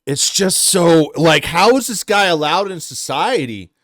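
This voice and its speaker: A young male commentary host rants through reaction commentary, exasperated and swearing, in a voice that sits high for a man. He speaks unhurriedly with lively intonation and a slightly bright tone, recorded dry and close with no room sound.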